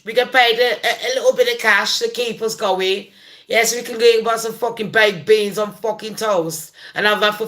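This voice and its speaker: Bright-voiced woman ranting. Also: on the high side. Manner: profane, rambling, heated rant. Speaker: gossip vlogger. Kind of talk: ranting commentary vlog.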